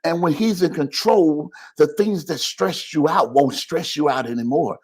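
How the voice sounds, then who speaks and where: A man's voice: a little high, normal speed, a little mellow, breathy edge. A man preaching a live-streamed sermon as pastor, calling out to the congregation with repeated phrases and building to rising, heated intensity.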